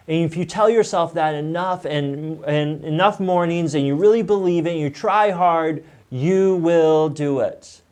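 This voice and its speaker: A man's voice: on the high side, measured pace, a little mellow. A man teaching an online Bible lesson review in a conversational way, with frequent fillers. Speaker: church teacher.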